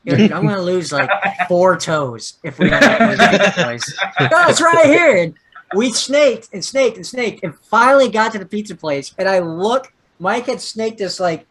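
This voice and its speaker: A man's voice: high-pitched, normal speed. A man from Florida co-hosting a podcast, telling an anecdote in casual chat and imitating the people in it. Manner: expressive, mimics people in his stories. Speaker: podcast co-host.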